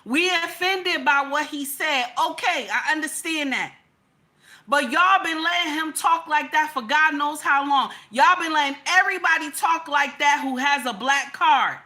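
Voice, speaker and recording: High bright-voiced woman lecturing her livestream chat, keeps asking okay?. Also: measured pace. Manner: preachy, repetitive, emphatic, says "okay?" often. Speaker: livestream host.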